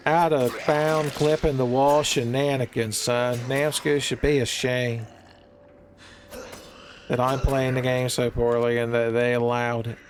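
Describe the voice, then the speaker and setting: A gaming streamer keeps up rambling, jokey commentary as he plays, with frequent "son"s aimed at viewers and bits of silly wordplay. He speaks a little slowly in a flat, medium-pitched voice, with slight background noise.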